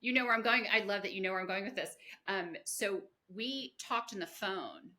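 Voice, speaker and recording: A woman's voice: medium pitch, normal speed, pushed and bright. A woman hosting a podcast interview, effusive and rambling with lots of filler. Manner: effusive, rambling, heavy on "you know". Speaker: podcast host. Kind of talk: conversational interview.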